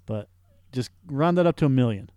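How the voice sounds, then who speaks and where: A man's voice: medium pitch, animated, a little fast, dark tone, clear, resonant tone, no room sound, clean studio sound. Profane man in casual movie chat. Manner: profane, joking, tries silly voices. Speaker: podcast co-host.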